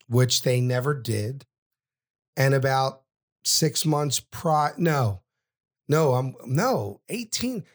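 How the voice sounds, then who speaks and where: A middle-aged man, a podcast guest telling an emotional story and often stopping to repeat his words. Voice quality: halting, repeats words, voice drops low at sad moments.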